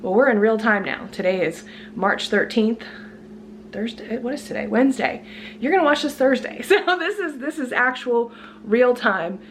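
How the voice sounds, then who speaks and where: A woman's voice: a little high, expressive, normal speed, slight background noise. Chatty woman with a sick, stuffy voice. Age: adult student with a job. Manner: chatty, laughs often, says y'all. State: sick, congested voice. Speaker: vlogger. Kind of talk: casual grocery haul vlog. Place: at home, kitchen.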